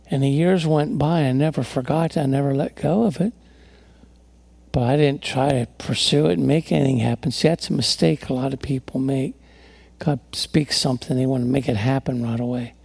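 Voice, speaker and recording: A gravelly, somewhat high-pitched man delivers a sermon as a pastor. He tells stories earnestly, often restarting and repeating words. His voice sounds close and dry. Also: a little mellow, no echo.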